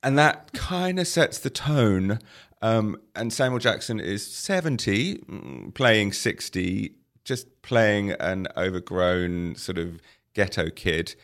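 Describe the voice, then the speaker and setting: Gravelly, wry man reviewing a film. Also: lowish voice, animated, slow pace, a bit bright. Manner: wry, sarcastic storytelling with punchlines. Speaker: arts editor reviewing films. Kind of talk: casual podcast film review.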